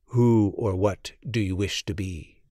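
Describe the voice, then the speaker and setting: A man voicing a solemn male magic lizard in a storybook reading, speaking in a slow, hushed way. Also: lowish voice, steady tone, no room sound, clean studio sound, voice pushed down.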